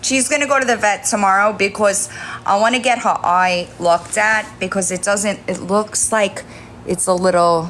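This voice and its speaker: A woman hosting a casual livestream from home on her phone, switching between high sing-song baby talk to her kittens and chatty remarks to viewers. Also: steady tone, moderate pace, fairly bright tone, a little hiss or hum. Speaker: livestream host.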